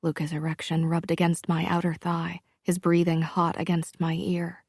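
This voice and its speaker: A woman narrating a first-person romance audiobook in a slow, hushed, intimate manner. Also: fairly low pitch, monotone, creaky, dry recording, clean studio sound.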